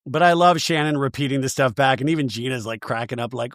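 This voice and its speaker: A man's voice: medium pitch, fast, few pauses, a bit bright, no echo, clean studio sound. A man hosting a comedic reality TV recap podcast, full of sarcastic, gossipy asides. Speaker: podcast host.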